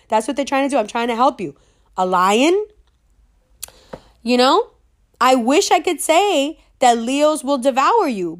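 A woman ranting casually to camera, brash and sassy, swearing freely and laughing at her own jokes. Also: high-pitched.

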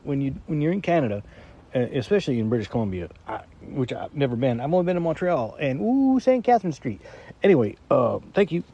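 A man's voice: medium pitch, warm tone, slightly rough. A man delivering a rambling, stammering comic monologue as a regular caller, losing his train of thought.

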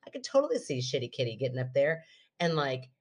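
A woman co-hosting a podcast, telling stories in a casual, animated way and acting out other people's lines. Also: rumbling low, fast talker, husky. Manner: animated storyteller, acts out quotes. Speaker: podcast co-host. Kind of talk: casual chat.

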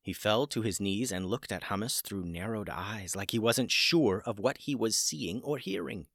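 A man narrating a children's story in a gentle storytelling manner, building the excitement through its dramatic parts. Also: on the low side, normal speed, creaky, no room sound, studio quality. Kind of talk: scripted narration.

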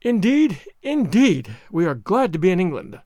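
A man's voice: sits high, big pitch swings, normal speed, a little mellow, dry recording, studio quality. A man reading aloud, voicing a dignified older French countess with a French accent and a grave, gracious manner. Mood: grateful.

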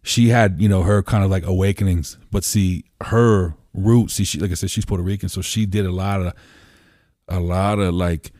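Pennsylvania guy rambling thru stories, low mellow voice, dry close sound, lots of you-knows. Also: fairly even intonation, moderate pace, dry recording. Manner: rambling, lots of "you know" fillers, swears casually. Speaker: podcast guest. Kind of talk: casual storytelling conversation. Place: home room.

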